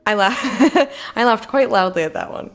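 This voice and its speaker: Woman streamer, casual game chat, lively, cusses, lots of laughs. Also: mid-range voice, fast, creaky. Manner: animated, swears, laughs often. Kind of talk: casual let's-play chat.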